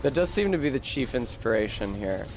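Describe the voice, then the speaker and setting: A man's voice: mid-range voice, expressive, fairly quick, noisy background. A man streaming a video game, giving casual, profane commentary, talking back to the game and to his chat.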